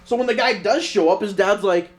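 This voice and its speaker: Profane storytelling young man, higher voice. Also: brisk, slight background noise. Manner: profane, animated anecdote telling. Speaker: podcast co-host. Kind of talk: casual storytelling chat.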